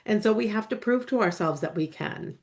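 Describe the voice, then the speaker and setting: A woman's voice: medium pitch, expressive, a little fast. A woman hosting a podcast interview, affirming and encouraging as she reflects on her guest's story. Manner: encouraging, affirming, backchannels often with mm and yeah. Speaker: podcast host.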